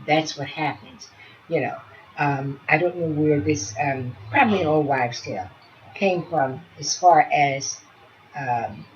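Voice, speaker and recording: A woman who teaches early childhood education, talking through a demonstration and chatting softly to pretend infants as she goes. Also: deep voice, muffled recording, slight background noise.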